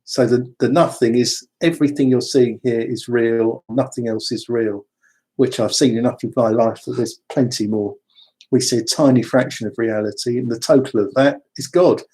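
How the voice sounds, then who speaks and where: Mellow, husky man. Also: medium pitch, steady tone, moderate pace. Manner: rambling, conversational, with asides. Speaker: spiritual speaker. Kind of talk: casual spiritual talk.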